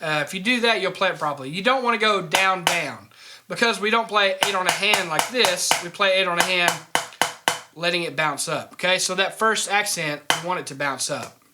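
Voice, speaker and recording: A man's voice: sits high, a little fast, heavy background noise. A man teaching a drumming lesson, explaining each step and checking in with "okay?" after every point. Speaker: drum teacher. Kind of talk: instructional lesson.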